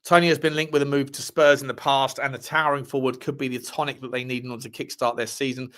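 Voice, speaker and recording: A man's voice: mid-range voice, level tone, fast, a bit bright. A man hosting a football fan livestream, reading articles aloud with cheeky asides and repeating his phrases. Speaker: host of a football fan show. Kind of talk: casual livestream chat reading transfer news.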